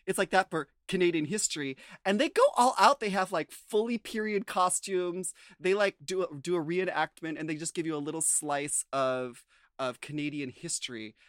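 A man's voice: fairly high pitch, normal speed, a bit bright, no echo, studio quality. A man co-hosting a casual recap podcast, rambling with lots of "like" and "um". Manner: rambling, full of fillers like "like" and "um". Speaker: podcast co-host.

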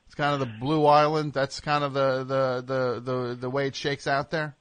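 A man's voice: medium pitch, flat delivery, moderate pace, dry recording. A man hosting a comedic radio call-in show, sarcastic and mock-scolding with callers, rambling through fillers. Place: radio studio.

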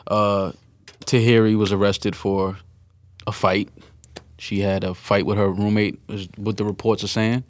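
A man's voice: lowish voice, flat delivery, a little slow, no echo. A man co-hosting a podcast in casual chat, laid-back, often repeating words as he starts a thought. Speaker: podcast co-host.

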